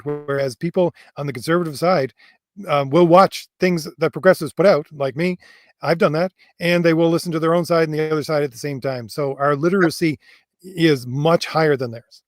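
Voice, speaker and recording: A man co-hosting a casual livestream chat, speaking earnestly and filling pauses with hesitations. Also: on the high side, no room sound, studio quality. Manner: earnest, fills pauses with um and quite honestly. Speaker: co-host and author.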